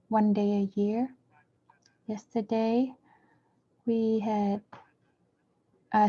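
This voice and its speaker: A woman interpreting a dharma talk, speaking in measured short phrases and now and then correcting herself mid-word. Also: medium pitch, mellow. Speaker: interpreter for a Buddhist teacher. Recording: dull lo-fi recording.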